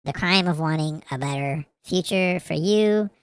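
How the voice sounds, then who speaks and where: A woman's voice: low voice, a little slow, clear, resonant tone, dry recording. A woman hosting a reaction commentary, talking bluntly and profanely, with lots of fillers. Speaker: commentary host.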